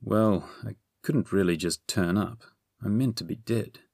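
A man voicing a gloomy, henpecked young physician who grumbles quietly in a storybook reading. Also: on the low side, unhurried, vocal fry, breathy edge, no room sound, clean studio sound, exaggerated voice. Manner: glum, grumbling, muttered.

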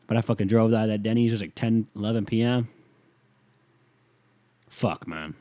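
A young man hosts a solo podcast rant at a normal pace, his low voice relaxed and deadpan, full of profanity and mumbled side comments that trail away. The audio is dry and intimate, lacking any room ambience.

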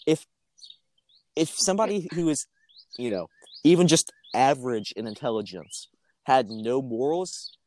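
A man's voice: mid-range voice, animated, a little slow, long pauses, a little mellow. A teenage boy, a podcast guest, chatting casually, rambling with restarts and frequent laughter. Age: teens. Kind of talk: casual chat.

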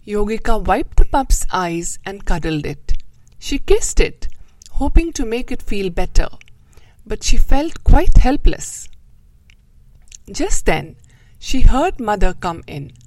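Slow, expressive woman storyteller. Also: mid-range voice, no room sound, rough recording. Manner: slow, expressive, gently moralizing. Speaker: host and storyteller. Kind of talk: storybook reading with a moral talk.

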